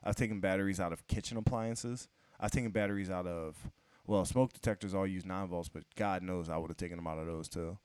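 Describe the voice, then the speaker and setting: A man co-hosting a podcast, animated and joking, with plenty of swearing in casual banter. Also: low voice, quick pace, clean tone. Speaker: podcast co-host. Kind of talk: casual chat.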